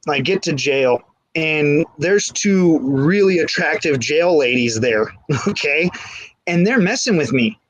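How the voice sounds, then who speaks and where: A man's voice: a little high, expressive, unhurried, lo-fi sound, a little hiss or hum. A man telling a candid, rambling personal story in casual talk, with many restarts. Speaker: guest. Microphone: phone.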